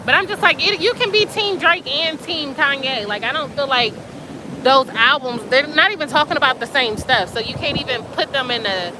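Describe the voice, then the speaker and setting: A woman hosting a casual live stream outdoors by the sea at night, chatting and reading comments in an excitable, slangy way. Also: high-pitched, normal speed. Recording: outdoor phone audio with surf and wind noise. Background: waves and wind.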